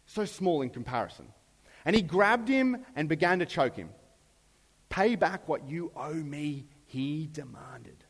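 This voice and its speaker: A man preaching a sermon in a relaxed, conversational way, briefly acting out the lines of the people in the story. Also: on the high side, big-room sound. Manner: conversational, acts out characters' lines. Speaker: pastor.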